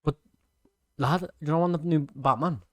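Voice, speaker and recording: A young man with a Liverpool accent hosting a podcast, talking in blunt, excitable, sweary banter. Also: on the high side, normal speed, dry recording, studio quality. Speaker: podcast host. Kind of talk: casual chat.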